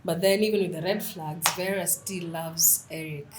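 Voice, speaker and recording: A young woman who writes is a guest on a podcast, chatting casually and telling stories with lively animation while dropping in Swahili phrases. Her voice is fairly low and her pace moderate, with background noise audible.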